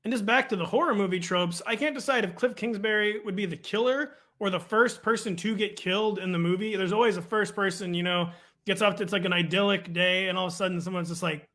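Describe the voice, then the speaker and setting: A fantasy football analyst in his thirties co-hosts a casual, joking football chat, rambling with plenty of fillers. His voice is high, bright and forceful, and he talks fast.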